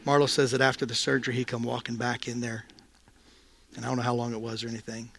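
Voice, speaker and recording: Gravelly-voiced man telling a testimony. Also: medium pitch, fast. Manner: animated, acts out the dialogue in quoted voices. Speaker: speaker sharing a testimony. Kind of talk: personal testimony storytelling.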